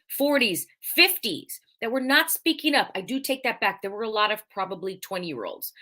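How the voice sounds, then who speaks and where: A woman's voice: a little high, normal speed, few pauses. A woman hosting a live podcast in a casual monologue, telling a story with emphatic repetition and careful diction. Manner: animated storyteller, emphatic repetition, acts out quoted voices; stresses speaking clearly, careful diction. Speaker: host of a live podcast show.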